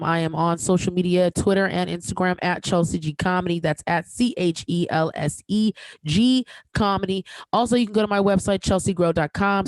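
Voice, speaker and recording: A woman's voice: fairly low pitch, no echo, rough recording. A woman hosting her own podcast, ranting emphatically in slangy casual talk with a voice that projects and cuts through. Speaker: podcast host. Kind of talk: solo podcast rant.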